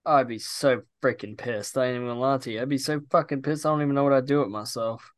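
A young man, chatting casually as a co-host in a blunt, animated, profane way. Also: medium pitch, fast, no room sound, clean studio sound. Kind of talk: casual chat.

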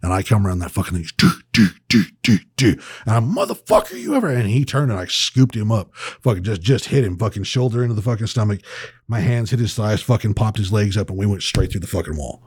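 A man's voice: fairly low pitch, fast talker, darkish tone, slightly rough, dry recording, clean studio sound. A man telling a wild story in casual podcast chat, swearing constantly and acting out the quotes.

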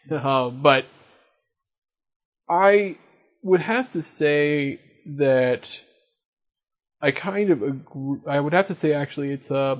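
A man hosts a casual podcast discussion, steering the conversation and questioning his co-hosts. His voice sits on the high side, and he speaks slowly with frequent pauses.

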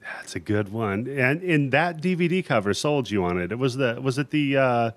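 A man's voice: medium pitch, expressive, moderate pace, no room sound. Laid-back man hosting a horror podcast. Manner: laid-back, jokey, swears casually. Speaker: podcast host. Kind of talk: casual horror podcast chat.

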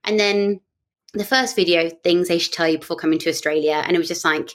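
A woman's voice: lowish voice, quick pace. A young British woman with a British accent, chatting as a podcast guest and telling stories in a breezy, self-mocking way. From Britain. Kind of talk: casual podcast chat.

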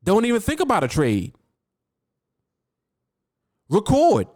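Emphatic, lively-voiced male podcast host. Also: a little high, a little slow, no room sound, clean studio sound. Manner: emphatic, repeats key words, addresses the listener directly. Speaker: podcast host and trading coach. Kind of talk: motivational podcast talk.

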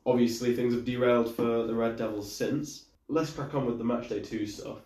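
A young man hosting a casual football podcast, chatting in a relaxed way with his mates. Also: mid-range voice, moderate pace. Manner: laid-back, chatty with mates. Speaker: podcast host. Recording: echoey room, distant from mic.

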